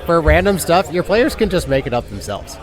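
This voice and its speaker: A man on a live panel who gives relaxed, practical advice about running games and swears now and then. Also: a little high, fairly quick. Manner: relaxed, advisory, mildly profane. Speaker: veteran dungeon master guest. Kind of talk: casual panel chat. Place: outdoor festival stage. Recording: live outdoor recording with crowd. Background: crowd chatter.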